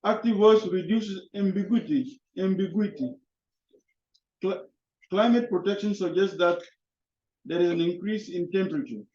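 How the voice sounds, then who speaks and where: A man teaching an English class, halting and often repeating his words. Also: sits high, a little mellow. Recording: echoey classroom, dull lo-fi sound.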